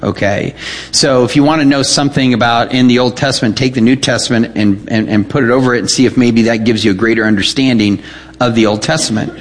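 A man's voice: fairly even intonation, quick pace. A man preaching as a pastor, teaching verse by verse, emphatic and full of questions to the audience. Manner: emphatic, rises in pitch when reading scripture aloud; repeats words and asks the audience questions. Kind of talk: expository Bible teaching.

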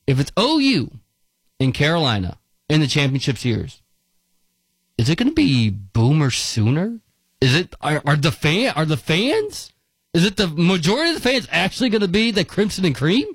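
A male sports radio host, talking in a slightly higher register with a very lively, swooping pitch. He reacts fast and laughs easily. The studio sound is dry and close. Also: husky, no echo. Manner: animated, quick reactions, frequent laughs and restarts. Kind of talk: casual sports talk radio.

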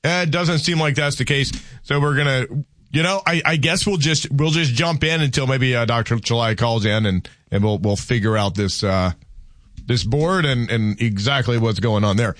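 A man's voice: mid-range voice, moderate pace, fairly bright tone, no echo. A man hosting a morning radio show, chatting casually with many restarts and jokes. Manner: rambling, many restarts, joking. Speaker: radio host. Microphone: studio microphone.

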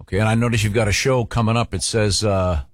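A man's voice: on the low side, steady tone, quick pace, no room sound, studio quality. A male radio host interviewing a guest in a casual, chatty way, reading out upcoming show dates. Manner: friendly, chatty, reads event dates.

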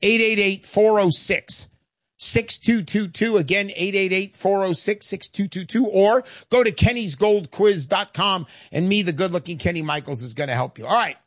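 A brash man hosting a radio show, selling hard in a pushy pitch that leaps up and down. His voice is close and dry, with no room sound. He never lets up. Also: normal speed, no echo.

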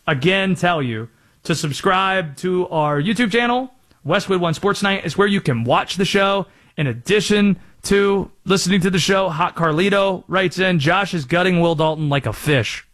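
A man's voice: high-pitched, a bit bright. A young adult man hosting a sports radio show, joking and rambling through random references. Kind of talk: casual sports talk.

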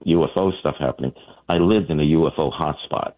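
A man's voice: extremely low pitch, a little fast. A man calling in to a late-night radio show, telling a story animatedly with lots of restarts and asides. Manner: animated storyteller, voices people in his tales. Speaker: radio caller. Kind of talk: phoned-in anecdote. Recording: tinny phone line.

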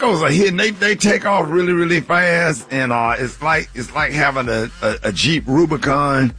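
A man's voice: fairly high pitch, normal speed, pushed and bright. A man co-hosting a morning radio show, joking loosely in casual banter.

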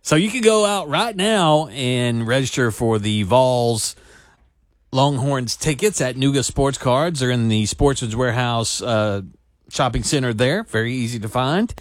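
Laid back radio co-host guy, lively ups and downs, lots of uhs, dry booth. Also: medium pitch, a little slow, no echo. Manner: easygoing, hesitant with fillers, laughs along. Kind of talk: casual radio banter. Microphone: studio microphone.

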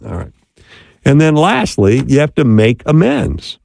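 Guy teaching about marriage, gravelly voice, keeps saying right?, dead dry sound. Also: mid-range voice, wildly swooping pitch, measured pace, darkish tone, no room sound. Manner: conversational, keeps asking "right?". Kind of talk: talk on marriage.

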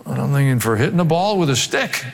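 A man's voice: mid-range voice, very animated, fast talker, gravelly. A male pastor preaching a sermon, swinging between joking asides and emphatic exhortation. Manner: humorous asides, emphatic rising delivery. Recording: long hall reverb.

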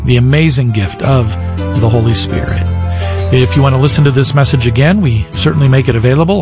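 A man hosting a sermon broadcast, wrapping up with steady, clear announcements about the program. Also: medium pitch. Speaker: radio program host.

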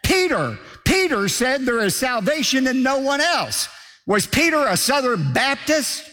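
A man's voice: very high-pitched, sing-song, measured pace, bright, forceful tone, big-room sound. A male pastor delivering a sermon in an emphatic, declamatory way, driving points home by repetition.

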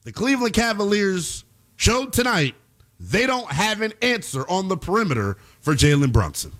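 A man hosts a basketball commentary show in a high, lively voice. He talks emphatically, breaking into loud bursts and then rattling off quick asides. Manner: emphatic, swings between loud outbursts and fast asides. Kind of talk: animated sports commentary.

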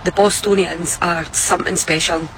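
A woman's voice: on the low side, fairly even intonation, moderate pace, slight background noise, poor audio. A woman with a Scottish accent delivering a heartfelt, grateful message. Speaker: visitor giving a message in a clip.

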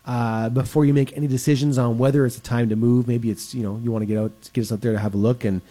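A man hosts a weekend radio show from the studio, speaking in a warm, dark tone. He rambles casually and fills pauses with "uh". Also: medium pitch, fairly even intonation. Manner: chatty, lots of filler words. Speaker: radio show host and real estate broker. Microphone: studio microphone.

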